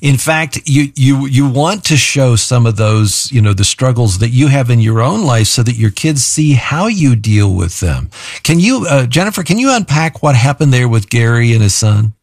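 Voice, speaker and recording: A male radio host introduces his guests and steers the conversation with calm, measured questions. His voice sits at a middle pitch. The recording is dry and close. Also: no echo. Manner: measured, smooth, announcer-like. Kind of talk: radio interview hosting.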